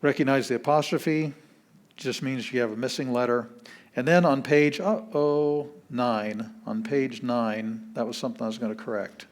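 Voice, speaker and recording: A man's voice: medium pitch, normal speed. A man, a pastor, teaching a beginner language class in a patient, plain-spoken way, walking through each step. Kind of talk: classroom lesson.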